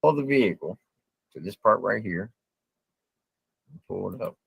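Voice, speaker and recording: Deep, gravelly man telling a story. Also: animated, unhurried, dry recording. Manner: drawling, blunt, step-by-step recounting. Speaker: storyteller guest. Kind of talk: casual storytelling.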